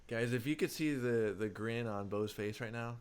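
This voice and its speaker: A man's voice: medium pitch, normal speed, clear, resonant tone. A man co-hosting a casual book podcast, rambling with many fillers and restarts. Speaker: podcast co-host. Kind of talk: casual book-club chat.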